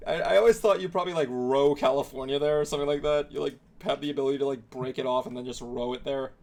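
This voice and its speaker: A man's voice: mid-range voice, fairly even intonation, fast, gravelly, a little mellow. A man telling anecdotes and laughing often in a casual group chat.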